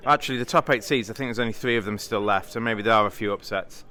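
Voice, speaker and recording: A man's voice: fairly low pitch, fast, pushed and bright. A British man chatting casually in a vlog, rambling and thinking aloud with fillers and restarts. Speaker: vlogger, bridge player.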